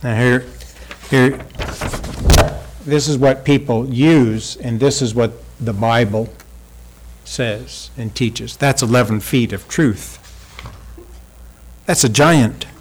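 A male preacher delivers an emphatic sermon in a church hall. His voice sits at an ordinary middle pitch, and he presses the congregation with rhetorical questions as he walks them through his points. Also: takes it slowly, pauses often, slightly rough. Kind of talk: sermon with visual aids.

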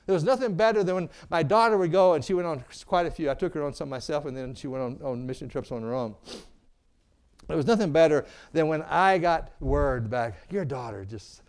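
A middle-aged man preaching a sermon, calling for amens and swinging from booming to hushed. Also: a little fast, clear, resonant tone. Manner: preaching with call-and-response, asking "Amen?". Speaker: pastor.

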